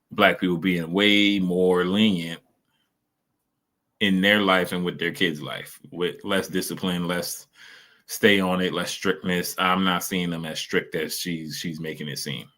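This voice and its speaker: A man's voice: deep voice, sharp tone. A man streaming casual reaction commentary, rambling in loose slang with lots of fillers.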